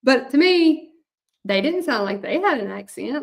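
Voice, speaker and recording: A woman's voice: high-pitched, lively intonation, measured pace, gravelly. A middle-aged woman from Louisiana with a Southern accent, chatting casually with viewers while crafting, rambling with many fillers. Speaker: hand-lettering artist. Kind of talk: casual craft livestream chat.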